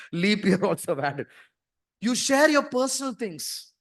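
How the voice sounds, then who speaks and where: Man, orientation speaker, animated, high voice, quizzes students. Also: slow. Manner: animated, acts out scenes, questions the audience. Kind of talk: interactive talk to students.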